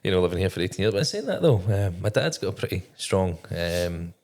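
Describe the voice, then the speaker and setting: A low-voiced man in his thirties talks in a Scottish accent worn down toward Australian. He rambles loosely, laughs easily and swears freely, like a guest in a relaxed podcast chat. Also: fast talker. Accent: Scottish, softened by Australian. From Scotland. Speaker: podcast guest, navy veteran. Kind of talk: casual chat.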